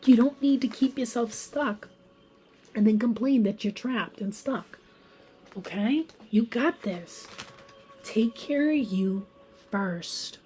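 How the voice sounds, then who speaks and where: With a fairly high pitch and a slow, unhurried delivery, a woman talks her viewers through a casual pick-a-card tarot spread. She's talkative and forceful, now and then lowering to a gentle whisper for emphasis.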